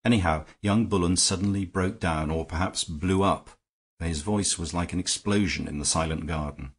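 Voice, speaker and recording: A man narrating an audiobook in a steady storytelling manner. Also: low-pitched, normal speed, slightly rough. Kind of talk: scripted narration.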